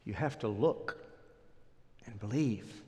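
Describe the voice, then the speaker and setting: A male pastor telling a story in a sermon, dramatic, swinging from loud bursts to hushed lines. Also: lowish voice, takes it slowly, in a large hall.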